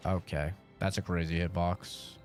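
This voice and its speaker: A man's voice: low voice, flat delivery, a little slow, darkish tone, soft background music. A man streaming a game, chatting casually in a profane, laid-back, rambling way. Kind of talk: casual chat while gaming.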